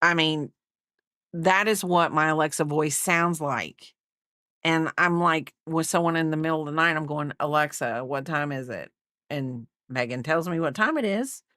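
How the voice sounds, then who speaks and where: Chatty middle-aged woman vlogger, low voice, dry close sound, rambling casual chat. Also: moderate pace, a bit bright, dry recording. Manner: rambling, chatty, many fillers and asides. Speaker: crochet vlogger. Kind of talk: casual chat while crocheting.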